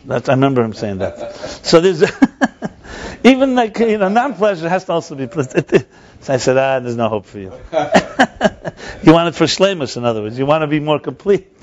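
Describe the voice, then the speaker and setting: A man's voice: fairly high pitch, very animated, fairly quick, darkish tone. A man teaching a text-study class, thinking aloud with frequent restarts and answering his own questions. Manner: explanatory, asks and answers himself. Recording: dull lo-fi recording.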